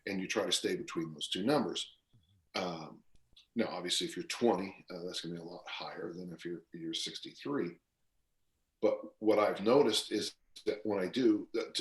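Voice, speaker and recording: A man in his sixties, a strength coach talking as a podcast guest in a loose, rambling storytelling way, full of fillers and restarts. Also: low-pitched. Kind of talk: casual podcast interview. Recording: roomy echo.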